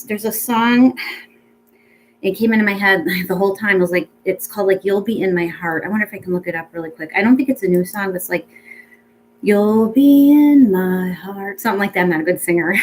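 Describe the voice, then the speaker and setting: A woman speaking as a pet psychic medium in a casual reading, chatty and rambling with many ums, gentle and reassuring. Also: medium pitch, a little hiss or hum, low-quality recording.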